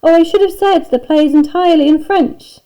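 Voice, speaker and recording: A woman's voice: fairly high pitch, expressive, fairly quick, dark tone, poor audio. A woman reading a prim, haughty teacher. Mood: gushing. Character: prim, frosty woman teacher who adores all things French.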